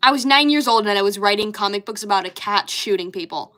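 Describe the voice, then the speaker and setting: A woman's voice: mid-range voice, fast talker, sharp tone. A young woman in casual chat, bemused, swearing often and laughing at herself as she goes through old childhood drawings. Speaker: artist reviewing her childhood comics.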